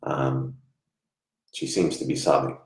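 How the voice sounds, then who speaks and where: A man giving a live online psychic reading, soft-spoken and halting, often trailing off quietly. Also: a bass voice, fairly even intonation, vocal fry. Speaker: psychic medium. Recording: echoey room.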